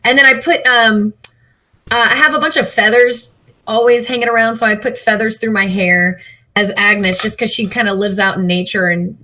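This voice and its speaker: A woman chats out of character about her tabletop role on a video call. She rambles and giggles as she goes. Her voice is bright, forceful and slightly high. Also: steady tone, normal speed. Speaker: player. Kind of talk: casual out-of-character chat.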